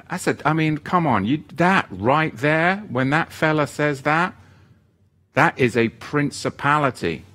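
A man preaching a sermon, emphatic and repetitive, swinging between loud exhortation and quieter asides. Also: a little high, animated, unhurried.

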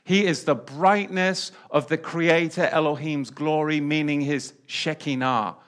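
A man preaching a sermon, repeating key phrases and swinging between loud declarations and quiet asides. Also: on the high side, steady tone, a little slow.

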